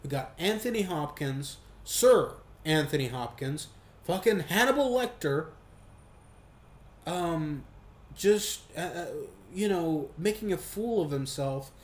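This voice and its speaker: A man giving a casual, profane movie review, talking in an animated way and mocking what he saw. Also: a little high, roomy sound. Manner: profane, animated, quick asides with mocking quoted voices.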